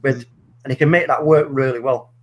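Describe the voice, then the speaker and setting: A middle-aged man telling a story in casual chat, animated and swearing freely. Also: mid-range voice, fairly quick. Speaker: podcast co-host.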